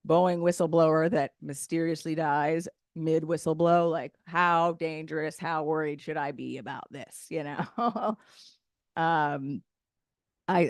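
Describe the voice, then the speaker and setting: A woman in her thirties performing a stand-up comedy set, loud, brash and opinionated in her delivery. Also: sits low, no echo, clean studio sound. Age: 30s. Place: event stage.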